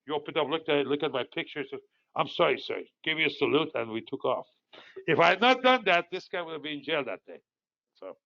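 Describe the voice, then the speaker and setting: A man's voice: mid-range voice, highs cut off. A man in his sixties from Iran, host of a market commentary, talks casually and rambles through stories with many fillers. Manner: rambling, digressive storytelling with frequent fillers.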